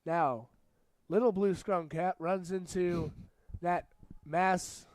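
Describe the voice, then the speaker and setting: A school rugby match gets a relaxed, joking play-by-play from a young man who speaks slowly. There's no room sound, just a close, dry capture of his smooth, clear, slightly high voice. Between plays he chats, and big plays set him shouting.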